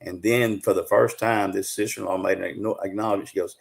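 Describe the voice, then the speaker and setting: Low-voiced Southern man telling a story. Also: steady tone, gravelly. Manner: folksy, drawn-out storytelling with many fillers. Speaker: guest, Bigfoot researcher. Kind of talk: casual storytelling on a live show.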